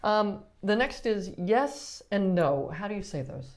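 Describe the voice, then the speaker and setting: A woman who is a pediatric therapist, leading a casual lesson and asking hesitant questions with many pauses and restarts. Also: medium pitch, expressive, a little mellow. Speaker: pediatric physical therapist teaching.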